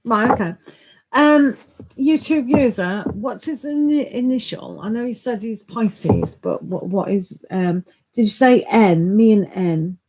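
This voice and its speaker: A woman's voice: a little high, unhurried, background noise. A middle-aged woman hosting a live tarot stream, chatting casually and greeting viewers by name with frequent laughs.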